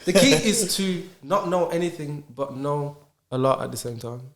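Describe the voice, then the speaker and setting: A man's voice: on the high side, expressive, normal speed, a loud crowd. Guy on a podcast, earnest, keeps asking himself questions, echoey room. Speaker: podcast guest. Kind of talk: casual podcast chat. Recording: roomy echo.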